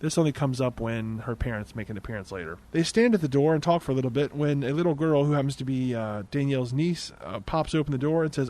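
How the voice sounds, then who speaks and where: A man's voice: mid-range voice, a little fast, few pauses, a little mellow. Sarcastic man recapping a movie. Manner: sarcastic, incredulous asides; conversational, with restarts. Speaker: movie reviewer.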